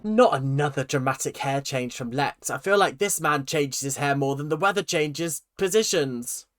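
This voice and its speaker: A young man with an excitable, gushing, chatty manner, giving casual reaction commentary as a video host. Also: fairly high pitch, normal speed.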